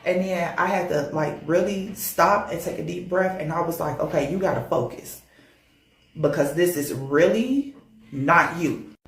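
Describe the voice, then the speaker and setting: A woman telling a personal ghost story in a casual, animated, emphatic way, often repeating words. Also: fairly low pitch, a little slow, reverberant.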